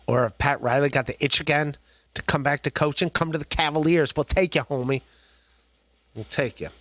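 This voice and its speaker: A podcast host from Ohio chats in a casual, rambling livestream style, laughing a lot and frequently restarting sentences and using fillers. His voice is medium-pitched and a bit bright, with no room sound.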